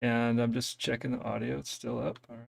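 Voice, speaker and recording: Gravelly man hosting a tech live stream. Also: medium pitch, little pitch movement, brisk, no room sound. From US East Coast. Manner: hesitant, many fillers, self-deprecating. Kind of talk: casual technical live stream.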